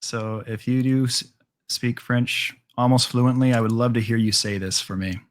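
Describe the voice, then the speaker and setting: A man teaches a math class in a casual, conversational way. He works through each step out loud and keeps filling pauses with ums and all rights. His voice sits at an ordinary middle pitch. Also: steady tone. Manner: casual, filler-heavy explaining with frequent ums and all rights. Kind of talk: classroom lecture.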